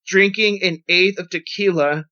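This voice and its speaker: High, bright-voiced man telling rambling stories. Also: a little slow, clear, resonant tone. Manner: rambling, profane, animated storytelling. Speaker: podcast host. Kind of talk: casual storytelling. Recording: dull lo-fi podcast audio.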